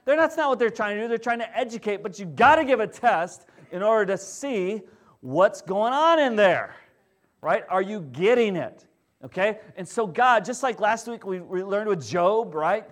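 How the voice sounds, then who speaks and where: A man, a pastor, preaching a sermon in a conversational way, often checking in with his listeners and swinging between loud emphasis and quiet, low stresses. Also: lively intonation, moderate pace.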